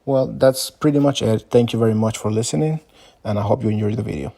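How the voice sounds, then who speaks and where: A man reading out a clinical case summary and care plan in a plain, even way. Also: lowish voice, fast, creaky. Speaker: student presenting a case. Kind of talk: read case summary narration.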